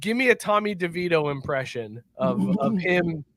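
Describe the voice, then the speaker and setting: A man's voice: on the high side, animated, moderate pace, a bit bright. A man co-hosting a casual sports podcast, teasing and needling his friends playfully. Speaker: podcast co-host.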